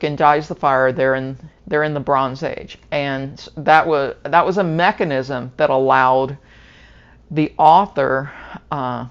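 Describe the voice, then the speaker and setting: Low-voiced, unhurried woman reviewing books. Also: smooth, dull audio. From Southern Arkansas, US. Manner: meandering, pauses with fillers to recall details. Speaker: book reviewer. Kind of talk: casual book review monologue.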